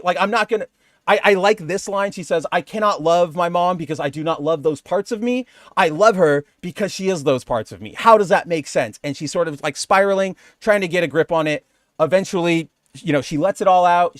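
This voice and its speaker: A man's voice: on the high side, no room sound, studio quality. A man co-hosting a comic book podcast, chatting casually and rambling with lots of fillers. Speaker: podcast co-host.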